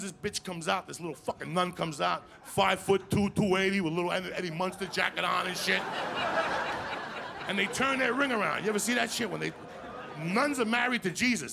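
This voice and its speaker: A man doing a crude stand-up set, telling stories loudly and asking the crowd "you understand me?" again and again. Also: high voice, gravelly. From New Jersey. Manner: crude, loud, rapid storytelling, repeating "you understand me?". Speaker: stand-up comedian. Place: live comedy stage with audience. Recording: live stage mic with crowd noise.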